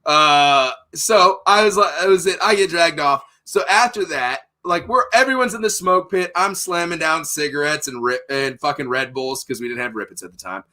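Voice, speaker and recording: A young man hosting a podcast, telling a profane, animated story in casual chat. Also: on the high side, normal speed, hardly any pauses. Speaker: podcast host.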